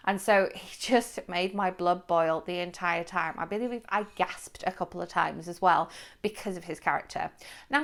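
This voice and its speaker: A woman talks through a film review to camera in a loose, chatty way. Her voice sits at an ordinary middle pitch, and she often stops on fillers and restarts her sentences as she goes. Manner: chatty, rambling with fillers and self-corrections. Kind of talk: casual spoken movie review.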